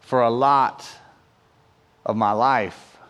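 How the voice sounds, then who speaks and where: A man's voice: mid-range voice, fairly even intonation, extremely slow, fairly bright tone, clear, resonant tone. A man preaching a sermon as pastor in a church, chatty and repetitive, checking in with "right?". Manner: conversational, repeats words, asks the room "right?". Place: church hall. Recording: long hall reverb.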